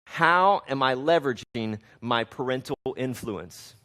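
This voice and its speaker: A man's voice: medium pitch, expressive, measured pace, pushed and bright. A man in his thirties, a pastor, preaching a conversational sermon on parenting and reading scripture aloud, with frequent restarts.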